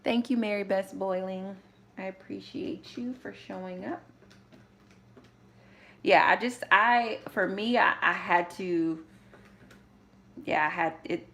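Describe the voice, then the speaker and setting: Woman, budgeting vlogger, casual live-stream chat, bright voice, candid, lots of fillers and restarts. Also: mid-range voice, takes it slowly, gravelly, long pauses. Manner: storytelling, sometimes quietly working through numbers.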